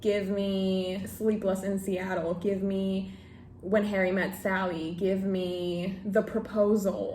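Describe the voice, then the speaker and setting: A woman's voice: mid-range voice, slow, darkish tone, slight background noise. A young woman chatting in a reading vlog, gushing and tearing up as she opens gifts from friends. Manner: gushing, emotional, laughs and teary outbursts. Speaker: book vlogger. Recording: echoey room with faint ambience.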